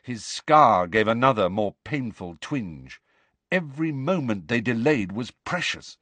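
Expressive male audiobook narrator. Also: medium pitch, a little slow, no echo. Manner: expressive storytelling. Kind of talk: scripted narration.

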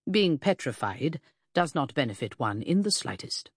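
A woman's voice: sits low, sing-song, normal speed, breathy edge, no echo, studio quality, heavily acted. A woman voicing a pompous, pedantic middle-aged male detective in an audiobook, speaking in a lofty, formal, clipped way. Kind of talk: audiobook character reading.

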